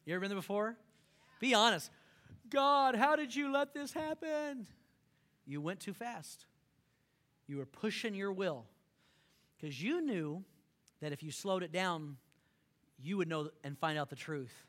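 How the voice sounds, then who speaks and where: A man from Texas, preaching a sermon in an animated, repetitive way and calling on the congregation to repeat after him. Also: a little high, normal speed, long pauses. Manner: animated, repetitive, calls for audience response. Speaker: pastor.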